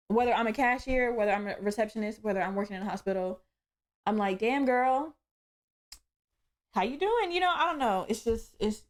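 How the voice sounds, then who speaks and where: A young woman hosting her own podcast, telling a story in a chatty, profane way and laughing as she goes. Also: medium pitch. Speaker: podcast host. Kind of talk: casual storytelling monologue.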